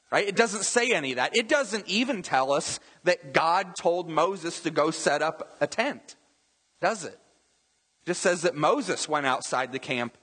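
Man, pastor, conversational sermon, rhetorical questions, bright husky tone. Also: fairly high pitch. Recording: reverberant hall.

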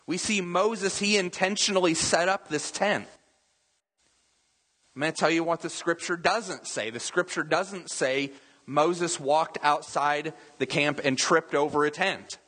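A man's voice: a little high, unhurried, pushed and bright. A man preaching a sermon in a conversational way, full of rhetorical questions and asides to the congregation. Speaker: pastor. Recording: reverberant hall.

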